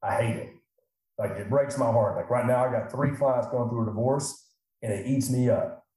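Middle-aged advisor guy chatting, mellow low-key tone, lots of room echo. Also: moderate pace. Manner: animated, acts out clients' voices. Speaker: financial advisor. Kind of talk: casual podcast talk. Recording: very echoey room.

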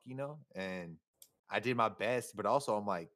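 A young man from San Francisco chats as a podcast guest in a low-pitched voice. He talks in loose slang, swears freely and rambles with a laugh here and there. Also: expressive, moderate pace, a bit bright. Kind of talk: casual chat.

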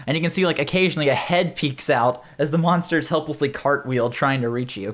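A man running a tabletop game, narrating scenes with a lively, swinging voice that sits a little high. He is playful and laughs often. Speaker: game master.

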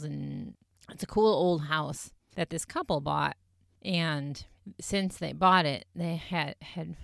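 A woman's voice: low-pitched, creaky, dry recording, studio quality. A woman casually recapping a ghost-hunting episode as a podcast host, chatty and full of fillers. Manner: chatty, filler-heavy retelling with frequent "like". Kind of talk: casual chat.

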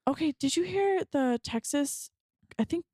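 High-voiced woman rambling in casual chat. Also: animated, a little slow, mellow, no room sound, clean studio sound. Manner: rambling, hesitant, many fillers and restarts. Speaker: podcast co-host.

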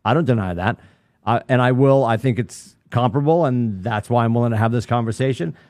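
A middle-aged man co-hosting a podcast in casual chat, rambling and animated with lots of restarts. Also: medium pitch, fairly quick, dry recording, clean studio sound. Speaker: podcast co-host.

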